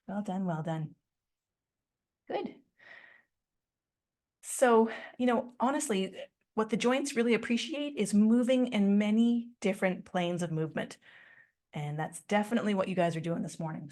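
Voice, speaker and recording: A woman's voice: mid-range voice, darkish tone. A woman teaching a Pilates class, giving step-by-step cues, encouraging the class, laughing often and correcting herself. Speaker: Pilates instructor. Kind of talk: guided exercise class instruction.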